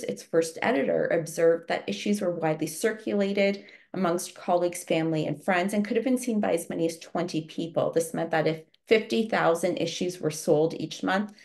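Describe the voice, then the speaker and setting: A woman historian presenting an academic seminar talk, measured and reading from prepared notes over a video call. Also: lowish voice, creaky, a little mellow.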